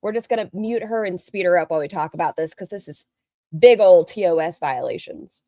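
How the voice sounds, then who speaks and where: A woman's voice: on the low side, brisk, dark tone, dry recording, studio quality. A woman streamer giving casual, rambling reaction commentary and talking straight to her chat. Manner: chatty, rambling, talks to chat directly.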